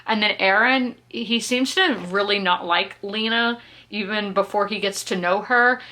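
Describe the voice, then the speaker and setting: This is a casual reading vlog from a book vlogger in her 20s from South Carolina, who laughs a lot while chatting through her thoughts on books. She has a medium-pitched voice with a sharp tone and speaks a little slowly.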